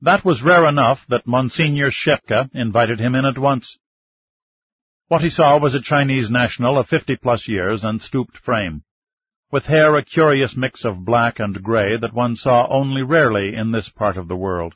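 Husky male narrator, steady read, dry lo-fi audio. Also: mid-range voice, moderate pace, no room sound. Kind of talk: scripted narration. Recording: dull lo-fi dry recording.

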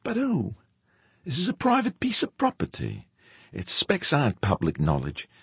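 A man's voice: mid-range voice, huge pitch swings, normal speed, vocal fry, fairly bright tone, husky, no echo, pitched above the performer's own voice, full character voice. A man voicing a weary, profane male spacer who swears bluntly and insists on his point, read as an audiobook character. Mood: agitated.

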